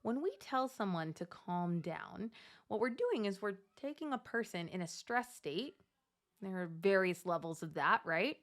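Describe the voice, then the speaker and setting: A woman in her thirties gives casual advice straight to her listeners. She talks at a middle pitch and gets animated, jumping high when she acts out the voice in her head. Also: measured pace. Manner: animated, acts out inner self-talk with big pitch jumps. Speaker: Catholic mom coach. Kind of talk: casual advice monologue to camera.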